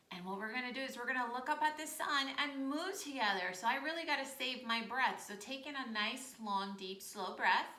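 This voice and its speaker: A woman's voice: on the high side, pushed and bright. A woman leading children through a storytime yoga class, cheerful and encouraging as she coaches each pose. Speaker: kids yoga teacher. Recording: roomy sound from a distant mic.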